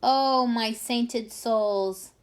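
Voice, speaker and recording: Woman voicing a gentle polite lady giraffe, storybook, fairly high, lively. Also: measured pace. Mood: overjoyed.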